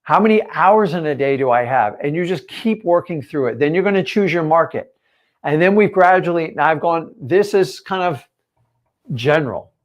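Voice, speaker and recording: A man's voice: on the high side, expressive, normal speed. Emphatic man coaching viewers. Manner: emphatic, direct, talks straight to viewers. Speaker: real estate coach. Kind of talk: live stream teaching.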